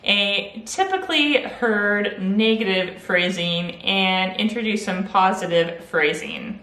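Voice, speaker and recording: Gentle teacherly woman in an echoey room. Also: mid-range voice, lively intonation, a little slow. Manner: gentle, clear and patient, with soft laughs. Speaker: Montessori teacher. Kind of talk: friendly instructional talk to parents.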